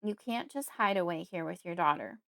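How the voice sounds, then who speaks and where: A woman reading an audiobook, voicing a wary, suspicious woman friend who asks insistent questions in a higher voice. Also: lively intonation, normal speed, gravelly, a bit bright.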